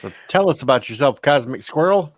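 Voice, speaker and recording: A man's voice: mid-range voice, expressive, brisk, no room sound, clean studio sound. A man hosting a live stream, joking and teasing as he hands the mic around to his guests. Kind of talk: casual live stream chat.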